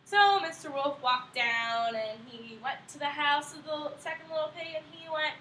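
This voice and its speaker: A woman reads a storybook aloud in an animated, expressive way, her high voice bright and swooping. She sounds distant and echoey, as if recorded from across a room, with faint ambience behind her. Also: moderate pace, few pauses, a little hiss or hum. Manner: animated and expressive, laughing along with listeners. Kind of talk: reading a picture book aloud.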